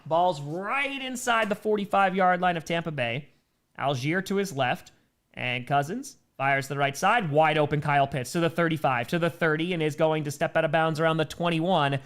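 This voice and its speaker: A man's voice: fairly high pitch, a bit bright. A man hosting a live stream, calling football plays in a running broadcast cadence and reading out viewer messages between downs. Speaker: live stream host doing play-by-play. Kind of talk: casual play-by-play commentary with chat reading.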